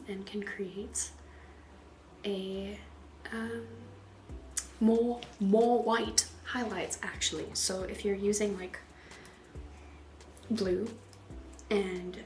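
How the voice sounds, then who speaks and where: In a mid-range voice, this tattoo artist rambles through a relaxed voice-over, frequently dropping to a soft half-whisper and giggling along the way.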